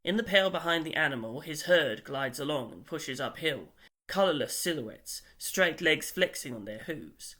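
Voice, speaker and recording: A man narrating an audiobook in a measured, wry storytelling manner. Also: a little high, animated, sharp tone.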